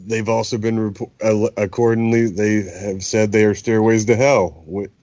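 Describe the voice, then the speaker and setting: A man with a lowish voice who explains things earnestly in a casual podcast chat, often restarting his sentences as he goes. The sound is dry and close, with no room echo. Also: little pitch movement, normal speed, a little mellow. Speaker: podcast co-host.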